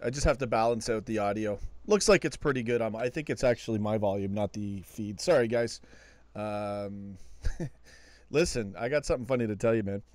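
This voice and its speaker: A man's voice: lowish voice, a little fast, darkish tone, no echo. Laid-back man hosting a late-night stream. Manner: chatty and laid-back, laughs often. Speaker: host of a live call-in fan show. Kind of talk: casual late-night live stream chat.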